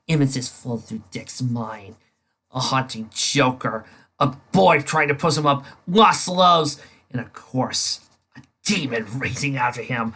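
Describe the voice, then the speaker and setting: A comic reader narrating panels aloud, animated, sometimes stumbling over words. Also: medium pitch, slow, husky. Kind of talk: reading a comic aloud with voices.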